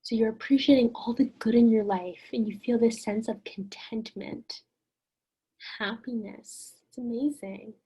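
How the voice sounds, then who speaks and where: A woman teaching an online lesson in a gentle, encouraging way, often putting questions to the listener. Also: fairly high pitch, a little slow, husky.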